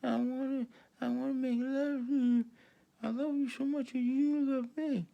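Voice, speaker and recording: A man's voice: extremely high pitch, level tone, moderate pace, vocal fry, dark tone, highs cut off, voice pushed up. A man putting on a clingy lovestruck young woman. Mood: swooning.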